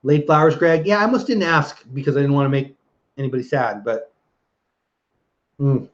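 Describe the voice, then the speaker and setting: A middle-aged Texan man talks casually at a middle pitch as he reads out viewer messages. His manner is chatty and relaxed, and he laughs easily. The sound is slightly dull and lo-fi, like stream audio. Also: moderate pace. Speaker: livestream host reading chat. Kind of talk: casual live chat.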